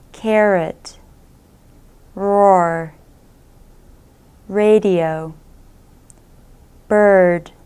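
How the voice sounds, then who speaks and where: A woman reads single words very slowly, pausing between each. Her voice is smooth and crisp, and each sound is carefully articulated. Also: lowish voice. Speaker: pronunciation model reading word list. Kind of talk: slow word-list reading.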